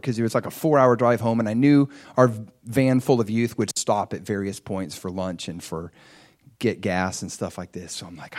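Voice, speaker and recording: A man's voice: on the low side, moderate pace, darkish tone. A middle-aged man preaching a sermon, telling a personal story and acting out his own thoughts with energy.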